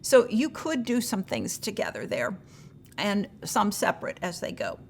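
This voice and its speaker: A woman leads a training session for teachers. She talks in a relaxed, folksy way and often pauses on an um or uh. Now and then she voices a teacher's question in a raised tone. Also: mid-range voice, a little hiss or hum. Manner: frequent fillers, gentle advice.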